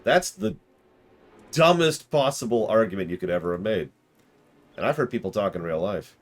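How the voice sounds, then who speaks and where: A man's voice: fairly low pitch, lively intonation, moderate pace, pauses often, slight background noise. A man streaming a game, making sarcastic jokes between the story scenes. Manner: sarcastic, joking. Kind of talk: playing a game and commenting.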